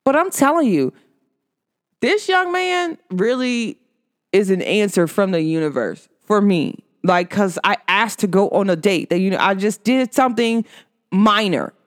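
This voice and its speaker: A woman hosting her podcast, talking casually about spirituality and telling a personal story in an animated way, full of "like". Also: medium pitch, normal speed. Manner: animated storytelling, filler-heavy with frequent "like". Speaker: podcast host.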